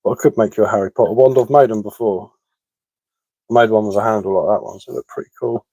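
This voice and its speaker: A lowish, warm voice at a quick pace belongs to an English live-stream host who carves wood and chats casually with viewers about their comments. His accent is West Sussex English mixed with London, and his manner is matter-of-fact and chatty, marked by repeated words and frequent ums. The recording is dry and rough.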